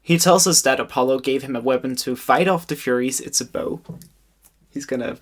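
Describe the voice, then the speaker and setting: A man's voice: medium pitch, moderate pace. A young man in his twenties narrating a casual educational video essay with joking, wry asides.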